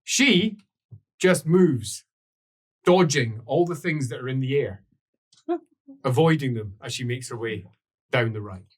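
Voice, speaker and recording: A man narrating a tabletop role-playing game as game master, in an animated way with laughs and sound effects. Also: medium pitch, takes it slowly, pauses often.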